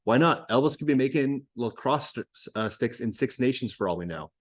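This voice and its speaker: A man's voice: mid-range voice, animated, brisk, natural voice. A man reading as a skeptical, blunt woman. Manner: doubtful, questioning.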